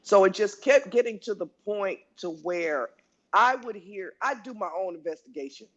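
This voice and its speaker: Animated woman on lo-fi audio. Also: medium pitch, moderate pace. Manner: animated, with many restarts and acted-out quotes. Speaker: guest speaker. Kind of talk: casual storytelling. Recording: lo-fi online audio room.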